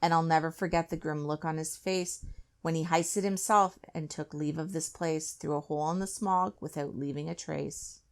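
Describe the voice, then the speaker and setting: A woman reading a rhyming children's book aloud with an expressive, rhythmic delivery. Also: low voice, moderate pace. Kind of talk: read-aloud storytelling.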